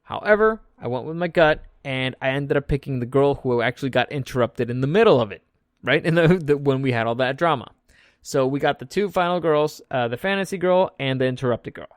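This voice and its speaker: A young vlog host with a medium-pitched voice and lively intonation talks briskly, recapping an event in a loose, joking way and swearing freely. The clean studio sound has no room tone.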